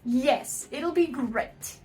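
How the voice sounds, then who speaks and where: A woman's voice: high-pitched, drawn-out words, darkish tone. A woman voicing a smug husband in a hammy, put-on odd accent.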